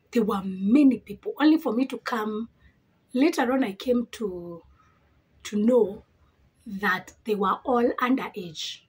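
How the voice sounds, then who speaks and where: A young woman from Africa with a deeply husky, breathy voice that sits a little high, talking casually to her camera as she does her makeup. She tells her story in an animated way, with dramatic reactions. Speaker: beauty vlogger. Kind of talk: storytime chat while doing makeup.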